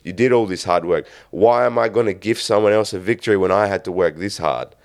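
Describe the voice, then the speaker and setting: Male podcast host, low voice, relaxed and chatty. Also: brisk. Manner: relaxed, loose, says "man" constantly. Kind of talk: casual interview talk.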